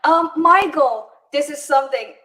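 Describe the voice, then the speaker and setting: A woman's voice: high voice, moderate pace, sharp tone. Giggly woman hosting a live chat. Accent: Surin Khmer. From Thai-Cambodian border. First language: Khmer or Thai. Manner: giggly, hesitant, lots of fillers. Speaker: host of a live stream.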